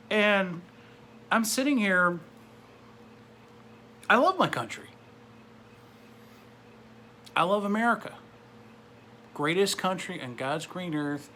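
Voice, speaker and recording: A man's voice: a little high, sharp tone. A man in his forties ranting to camera in a blunt, sarcastic way. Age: 40s. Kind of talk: political rant to camera.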